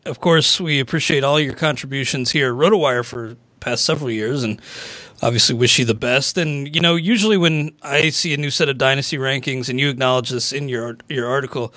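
A man's voice: medium pitch, normal speed, sharp tone, no room sound, low-quality recording. A man hosting a podcast, opening the show and asking questions in an easygoing way. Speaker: podcast host. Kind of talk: casual podcast interview.

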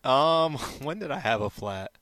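A man's voice: mid-range voice, lively intonation, unhurried, fairly bright tone, no room sound. A man co-hosting a casual sports talk show, insistent and emphatic, often repeating himself. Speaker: co-host. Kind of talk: casual sports radio banter.

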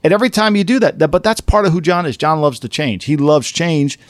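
A man co-hosting a casual sports podcast, talking animatedly and jumping up to incredulous highs. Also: a little fast, no room sound. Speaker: podcast co-host.

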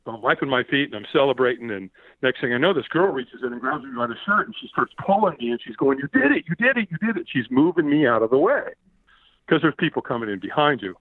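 Male guest, animated storyteller with a lively, swinging pitch, recorded over a dry, tinny phone-like line. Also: fast talker, no room sound. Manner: lively, acts out quoted shouts, repeats words. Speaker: podcast guest.

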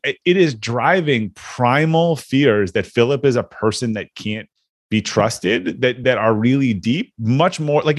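A man's voice: medium pitch, no room sound, clean studio sound. A man hosting an interview, talking earnestly and reflectively about his experiences with leaders. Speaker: podcast host. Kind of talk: casual interview chat.

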